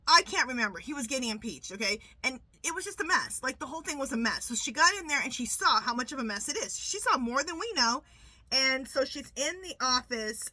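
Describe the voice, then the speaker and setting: A woman hosting her own tarot channel in a casual, rambling vlog chat, full of quick asides. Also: fairly high pitch, pushed and bright, no room sound. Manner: asks a pendulum questions, repeating "clear". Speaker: tarot reader and channel host.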